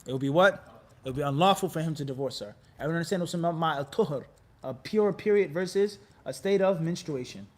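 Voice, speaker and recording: A man teaching Islamic law to a class, animated and quizzing his students again and again. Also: a little high, fast. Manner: animated, quizzes class with repeated "what?" prompts; acts out quoted people in lively bits. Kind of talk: classroom lecture.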